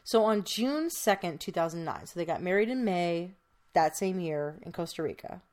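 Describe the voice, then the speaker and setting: A woman's voice: on the low side, animated, normal speed, a little mellow. A woman podcast host telling a true crime case in casual, chatty storytelling, with many fillers.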